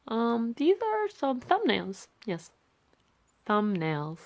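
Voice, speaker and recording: A woman's voice: a little high, huge pitch swings, extremely slow. A young woman casually talking through her sketchbook, rambling and self-deprecating with many fillers, sleepy and yawning. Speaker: artist vlogger. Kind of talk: casual sketchbook tour chat.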